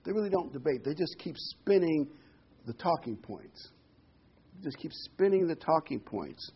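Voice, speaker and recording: Animated preacher man, husky voice. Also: on the high side, normal speed. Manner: animated, repeats words for emphasis. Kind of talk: sermon. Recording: dull lo-fi recording.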